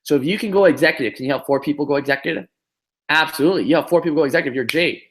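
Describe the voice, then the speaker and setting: A man giving a motivational business talk on a group call, telling a story in an animated way with lots of "you know" and "right?". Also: fairly high pitch, very fast. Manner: animated storyteller, many fillers and tag questions. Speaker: business trainer.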